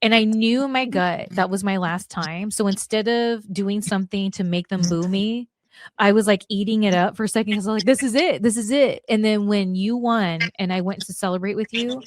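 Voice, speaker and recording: A woman's voice: medium pitch, steady tone, fairly quick, no echo. A woman in her forties, a guest on a podcast, telling stories bluntly and acting out the lines she quotes. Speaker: podcast guest, former wrestler. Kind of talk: casual storytelling chat.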